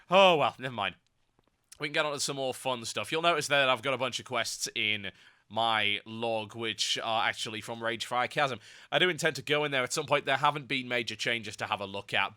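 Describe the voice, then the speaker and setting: Hoarse, nasal man with a very bright voice. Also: mid-range voice. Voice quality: slightly nasal. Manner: ranty, sarcastic asides. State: hoarse voice with a cold. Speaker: game commentator. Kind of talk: gameplay commentary.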